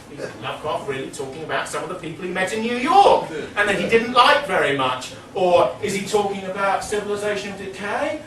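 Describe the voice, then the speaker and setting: A man's voice: high voice, fairly bright tone. A man giving a public lecture, rambling and digressive with many fillers. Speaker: speaker. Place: meeting hall. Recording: echoey hall, distant mic, noisy.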